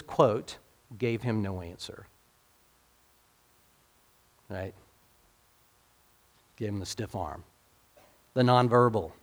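A man preaching a casual, conversational sermon, asking his listeners questions and acting out the people in the passage. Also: mid-range voice. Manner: casual, talks to the congregation directly with rhetorical questions; acts out quoted speakers in dialogue.

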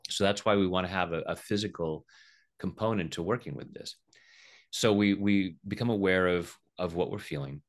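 As a guest, the middle-aged EFT tapping practitioner walks through tapping with playful demonstrations, frequently acting out quoted voices. He speaks in a low voice at normal speed.

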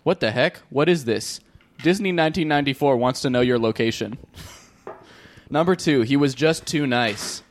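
A man's voice: medium pitch, moderate pace. A man hosting a casual comedic podcast, reading viewer comments aloud and joking about them.

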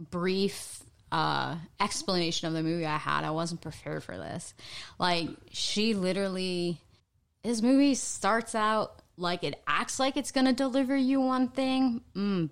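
A woman with a lowish voice co-hosting a relaxed podcast. She talks in a chatty, emphatic, easygoing way. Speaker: podcast co-host. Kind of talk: casual chat. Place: home podcast studio.

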